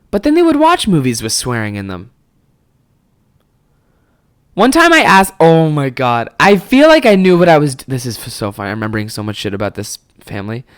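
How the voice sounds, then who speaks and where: A man's voice: medium pitch, clean tone. Rambling, foul-mouthed young man telling stories. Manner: rambling, swears freely, many fillers. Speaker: podcast host. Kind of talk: casual storytelling.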